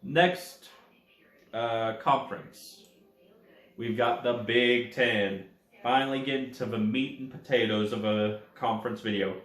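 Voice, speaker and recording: A man's voice: medium pitch, steady tone, measured pace, a bit bright, echoey room. A man hosting his own college football rankings in a chatty way, talking straight to the teams and correcting his own slips. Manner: chatty, addresses teams directly, corrects himself. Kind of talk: casual sports commentary.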